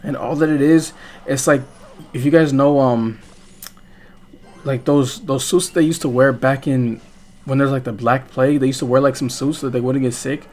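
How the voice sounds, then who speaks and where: A man's voice: mid-range voice, fairly even intonation, normal speed, a little mellow. A young man telling a story casually while playing a game, rambling and swearing, full of fillers and restarts. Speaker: gaming vlogger.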